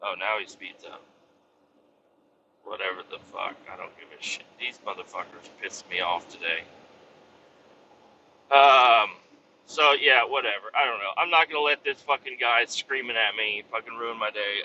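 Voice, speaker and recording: A man's voice: fairly low pitch, normal speed, bright, forceful tone. A man who drives a truck, ranting and telling stories in a casual driving vlog, swearing constantly. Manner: profane, heavy swearing, exasperated storytelling. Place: inside a moving truck cab. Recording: dull lo-fi recording with road noise.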